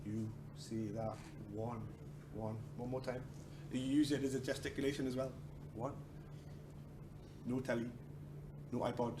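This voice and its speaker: A man's voice: medium pitch, level tone, normal speed, long pauses. Joking man teaching a class. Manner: joking, swears, acts out quotes. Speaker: martial arts instructor. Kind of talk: class instruction with humor. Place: training hall. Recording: echoey hall with noise.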